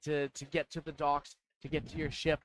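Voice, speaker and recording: A man narrating as dungeon master, talking in a halting way with many fillers and restarts. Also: a little high, level tone, a little hiss or hum, low-quality recording. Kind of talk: narrating a tabletop game.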